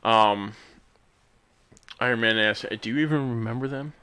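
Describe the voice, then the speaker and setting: A man's voice: medium pitch, normal speed, sharp tone, clear, resonant tone. A man co-hosting a podcast, chatting casually about a film and reading out favorite lines, with plenty of fillers and laughs. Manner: chatty, reads out quotes, frequent fillers and laughs. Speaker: podcast co-host. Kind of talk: casual movie review chat.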